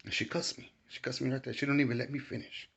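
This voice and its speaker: A man giving a casual testimony, animated and rising to shouts when he quotes himself. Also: medium pitch, quick pace, gravelly. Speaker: storyteller recounting a spiritual experience. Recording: dull lo-fi recording.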